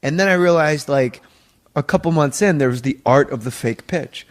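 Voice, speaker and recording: A man with a slightly high-pitched voice tells his stories in a casual chat. He gets animated, swears freely, and slips into voices for the people he quotes. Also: moderate pace. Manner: animated anecdotes, swearing, laughing, acting out quotes. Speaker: podcast guest, former sketch comedy writer.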